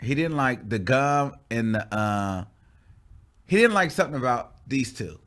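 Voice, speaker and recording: Animated man telling a dramatic story. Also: mid-range voice, a little slow. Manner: animated, dramatic, exclamatory retelling. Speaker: YouTube storyteller. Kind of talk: casual story time monologue.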